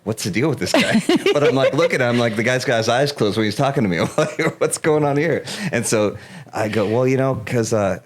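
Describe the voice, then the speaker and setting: A man in his thirties telling a story in casual chat, animated, laughing often and acting out the dialogue. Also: medium pitch, a little fast, slight background noise. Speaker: guest.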